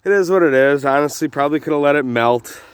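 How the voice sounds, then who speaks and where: A young man casually narrating a homestead vlog outdoors in the snow, talking in a relaxed, rambling way with many pauses. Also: a little high, clear, resonant tone. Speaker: homestead vlogger. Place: outdoors on a snowy rural property. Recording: faint engine noise behind. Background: idling engine.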